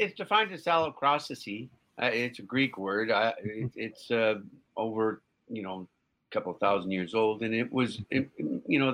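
A man co-hosting an online show, explaining a topic in casual chat, halting, with many restarts and fillers. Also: medium pitch, fairly bright tone, poor audio.

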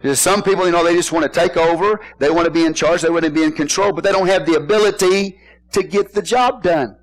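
A man's voice: a little high, fast talker, rough recording. A man preaching a sermon in church, folksy and joking, often asking the congregation questions. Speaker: pastor.

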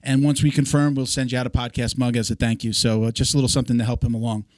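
A man's voice: medium pitch, little pitch movement, racing, dry recording. A man hosting a podcast, talking loosely and casually with plenty of fillers into a close mic. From South Florida. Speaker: podcast host.

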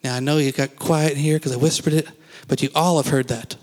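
A man's voice: on the high side, fairly even intonation, a little fast. A man preaching a sermon as pastor, talking conversationally and asking the congregation questions in a church sanctuary. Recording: long reverb of a church hall.

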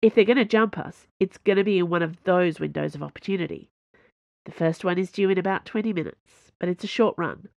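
A smug, sly swordswoman teases her companions, as a woman reads her. The voice is low with a gravelly edge. The recording sounds dry and dull. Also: no echo, close to an everyday voice. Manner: smug and teasing.

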